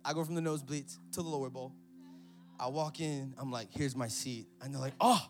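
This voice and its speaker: A man preaching an energetic sermon in church, telling a story and calling out to the congregation. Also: mid-range voice, brisk. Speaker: pastor.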